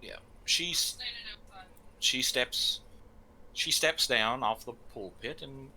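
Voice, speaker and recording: A man's voice: medium pitch, slow pace, bright, forceful tone, poor audio. A man narrating a tabletop game as game master, casually describing scenes.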